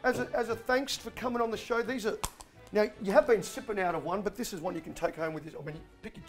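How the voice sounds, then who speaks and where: A man's voice: high voice, fast talker, soft background music. An Australian man hosting a comedic sports talk show, blokey and rambling, calling everyone mate.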